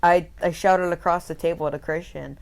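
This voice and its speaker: A man's voice: on the high side, fairly even intonation, normal speed, creaky. A teenage boy from Minnesota whose voice is breaking, co-hosting a casual podcast and rambling with lots of "like" and restarts. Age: teens. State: voice breaking with puberty. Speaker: podcast co-host. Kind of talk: casual chat.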